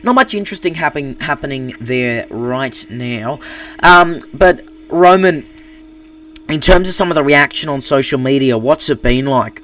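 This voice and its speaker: Australian man, live news anchor, halting, full of fillers, set back from the mic. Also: mid-range voice, fairly bright tone, distant mic, a little hiss or hum. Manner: halting, many fillers and restarts. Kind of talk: live streamed news coverage.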